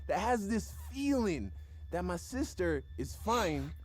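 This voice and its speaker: A young man telling a personal story on his video channel, slangy and expressive, dropping quiet then getting loud. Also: high-pitched, slow, a little hiss or hum. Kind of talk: animated storytime vlog.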